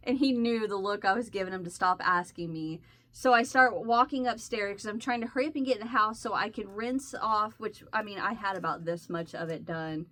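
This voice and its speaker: A woman vlogger telling a rambling story in casual, animated chat while she crochets. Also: mid-range voice, fairly quick. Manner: rambling and animated, with restarts and laughs.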